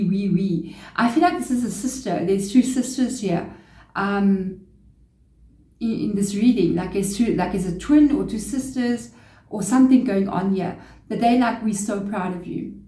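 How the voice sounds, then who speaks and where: A woman reads tarot cards aloud in a loose, chatty way, passing along messages she says come from spirit. Her voice is mellow and warm, and the room around her rings with a roomy echo. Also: medium pitch. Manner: chatty, relaying spirit messages, quick laughs. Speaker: tarot reader. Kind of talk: casual tarot reading to camera.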